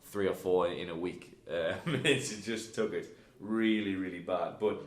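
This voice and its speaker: A man with a low voice talks in a relaxed storytelling way in an echoey room. He laughs as he tells his stories and acts out both sides of old phone calls. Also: unhurried. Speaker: guest. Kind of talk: casual chat.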